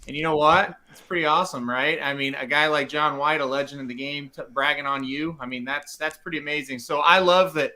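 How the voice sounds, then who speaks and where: A man co-hosting a casual podcast, telling animated stories and laughing often. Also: a little high, fairly quick, few pauses. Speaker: podcast co-host, site owner.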